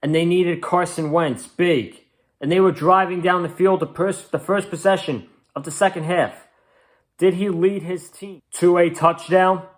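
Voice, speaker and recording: Man, somewhat high voice, excitable football recap, rambling with ums. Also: measured pace. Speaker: sports reaction host. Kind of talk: casual sports recap. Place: home, on a couch.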